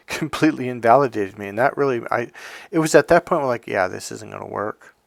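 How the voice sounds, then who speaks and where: A man's voice: medium pitch, a little fast, vocal fry, no echo. A man coaching on relationships, talking candidly in a casual monologue and acting out what other people said to him.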